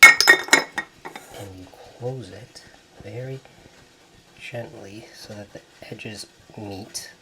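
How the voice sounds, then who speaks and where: A man hosting a cooking video in a home kitchen, gently narrating each step as he works. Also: fairly low pitch, very slow, pauses often, background noise. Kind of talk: cooking demonstration.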